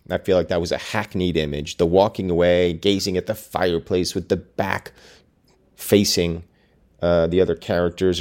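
A man's voice: low voice, creaky, darkish tone. A man reading a classic novel aloud and breaking off for wry, joking commentary. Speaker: reader and host.

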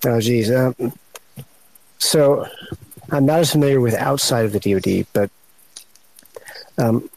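A man speaking as a panel guest, slow and searching for words with many pauses. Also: medium pitch, gravelly, darkish tone, no room sound, poor audio. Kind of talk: unscripted panel talk.

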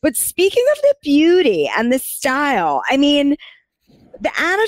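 A woman co-hosting a chatty pop-culture show, her pitch leaping around as she gushes with quick asides. The recording is dry and close. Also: dry recording. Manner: animated, gushing, quick asides. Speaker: podcast co-host. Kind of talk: casual pop-culture chat.

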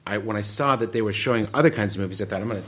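A middle-aged filmmaker from the Detroit area, a man telling casual anecdotes with lively acted quotes. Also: fairly low pitch, racing, a little hiss or hum. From Detroit area, USA. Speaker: filmmaker guest. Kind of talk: casual storytelling.

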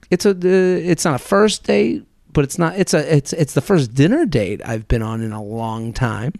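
A man's voice: medium pitch, creaky, darkish tone, dry recording, clean studio sound. A man in his thirties hosting a solo podcast, talking in a chatty, rambling, self-deprecating way. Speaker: podcast host.

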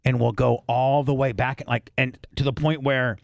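A man hosting a podcast, telling a long rambling story in casual chat, swearing freely and clearing his throat often. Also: mid-range voice, steady tone, normal speed, no echo, highs cut off. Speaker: podcast host.

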